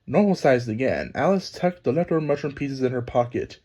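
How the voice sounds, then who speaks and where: A man narrating a children's storybook aloud in a lively, expressive reading. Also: mid-range voice, a little fast, dull audio. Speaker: storybook reader.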